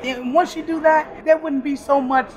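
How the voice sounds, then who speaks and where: A woman's voice: sits high, steady tone, normal speed. A middle-aged woman who works at an airport store, talking in a casual, upbeat interview and laughing often. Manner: warm, upbeat, laughs often, preachy asides. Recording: crowded airport background. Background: crowd chatter.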